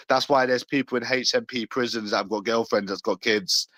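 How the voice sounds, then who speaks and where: A man's voice: mid-range voice, steady tone, brisk, few pauses, a bit bright, dry recording, lo-fi sound. London guy ranting on and on, swearing, sarcastic, dry close sound. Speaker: vlogger. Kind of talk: ranting monologue.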